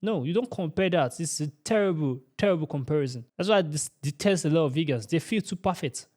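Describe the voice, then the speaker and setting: A man's voice: a little high, lively intonation, fast, a little mellow. A man hosting a reaction channel, giving emphatic, repetitive ranting commentary. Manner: emphatic and repetitive, asks "you understand?".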